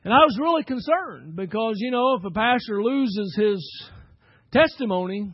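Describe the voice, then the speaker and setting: A higher-pitched man preaching from the pulpit, stopping to ask the congregation for an amen. The sound is dry and a little muffled, with no room around it. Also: expressive, breathy edge, no echo. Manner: preaching with pauses and call-outs of "Amen?". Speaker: pastor. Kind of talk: sermon.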